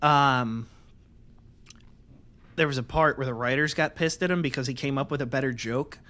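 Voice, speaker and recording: A young man co-hosting a podcast, rambling through profane anecdotes with deadpan asides. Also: medium pitch, moderate pace. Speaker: podcast co-host. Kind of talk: casual chat.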